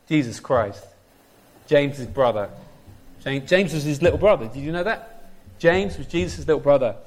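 Male preacher, middle-aged, lively sermon delivery with questions to the congregation, slightly high voice.

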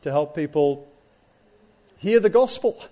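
A man's voice: fairly high pitch, lively intonation, a little slow, dark tone. A man preaching a sermon, stressing his points and putting rhetorical questions to the congregation.

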